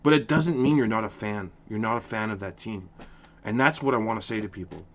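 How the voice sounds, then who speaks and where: A man's voice: lowish voice, a little fast, lo-fi sound. A man from Ottawa, Canada, hosting a casual opinion rant to camera, passionate, with lots of repeated restarts. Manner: passionate, repetitive restarts, animated. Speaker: hockey channel host.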